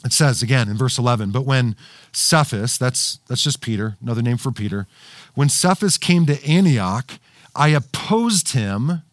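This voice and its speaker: A man's voice: medium pitch, dry recording. Man, pastor, livestreamed sermon, casual and chatty, dry close sound. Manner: conversational, many fillers and restarts, asks "right?" often. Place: studio with cameras and screens.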